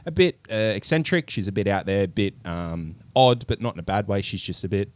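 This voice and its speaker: A man co-hosting a podcast, telling a film's story in an animated, sweary way with lots of ums. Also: fairly low pitch, fairly quick. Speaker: podcast co-host. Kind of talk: casual podcast chat, movie review.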